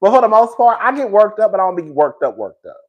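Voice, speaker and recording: Animated, dramatic man hosting a livestream. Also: high voice, fast, dull audio. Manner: dramatic, laughing, slangy. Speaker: livestream host. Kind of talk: casual live-stream chat.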